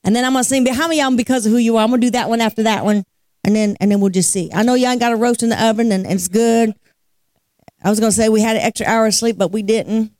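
Lively woman leading a church service. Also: fairly high pitch, racing, no room sound, studio quality. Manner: lively storyteller with a preacher's cadence, laughs as she talks. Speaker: guest worship leader. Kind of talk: testimony and worship leading. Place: church sanctuary.

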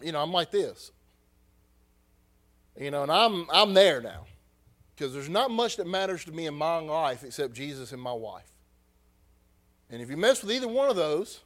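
A high-voiced preacher telling a story from the pulpit. He drops to a near hush, then climbs to loud, heated bursts. His delivery is raw and emotional. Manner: emotional, rising from hushed to loud. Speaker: pastor. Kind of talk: sermon storytelling.

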